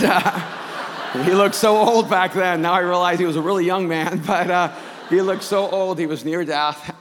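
A man telling a personal story as a sermon, building from quiet recollection to loud preaching. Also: fairly high pitch, a little hiss or hum. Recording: reverberant hall.

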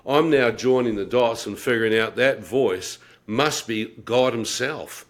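The speaker, a middle-aged man, vividly and wryly narrates his personal conversion testimony as a guest. Speaking a little slowly at a medium pitch, he laughs at himself and acts out his inner thoughts.

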